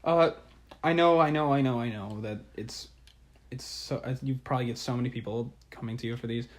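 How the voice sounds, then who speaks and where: Man, comedy podcast co-host, rambling and stammering through an improvised pitch. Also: fairly even intonation, fairly quick.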